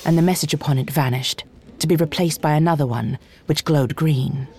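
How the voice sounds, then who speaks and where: A narrator reading a fantasy novel aloud in a steady, expressive storytelling manner. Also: mid-range voice, moderate pace. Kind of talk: audiobook reading.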